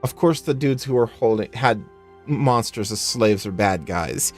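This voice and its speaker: A man's voice: mid-range voice, lively intonation, measured pace, faint music behind. A man giving casual, joking commentary while playing a video game. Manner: playful, joking asides. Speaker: let's play host.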